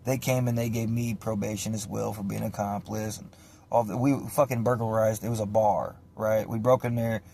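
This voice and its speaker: Profane, animated storytelling man. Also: fairly low pitch, a little fast, creaky. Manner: profane, animated, acts out voices. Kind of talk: casual storytime.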